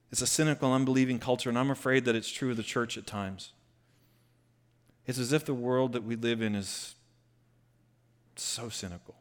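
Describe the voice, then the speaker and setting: A man preaching a conversational sermon, retelling a scripture story with lively bursts. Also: medium pitch. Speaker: pastor.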